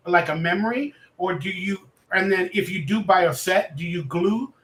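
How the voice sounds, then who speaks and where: Earnest male guest, high and bright, rambling, in an echoey room. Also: moderate pace. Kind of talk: casual interview chat.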